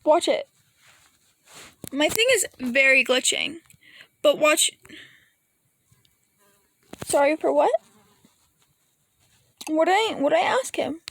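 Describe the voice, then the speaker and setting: A woman's voice: high voice, expressive, takes it slowly, gravelly, long pauses, fairly bright tone. A woman vlogger rambling through an emotional, casual rant, swearing now and then and sometimes close to tears. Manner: rambling, emotional, breaks into laughs and near tears; curses casually.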